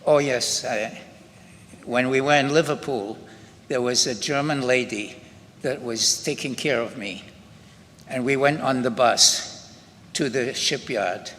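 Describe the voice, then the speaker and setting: An older man from Scotland with a Scottish accent, giving halting personal testimony at a memorial ceremony, often restarting his sentences. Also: mid-range voice, fairly bright tone. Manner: unhurried, halting, with frequent restarts. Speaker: Holocaust survivor speaker. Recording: long hall reverb with faint ambient noise.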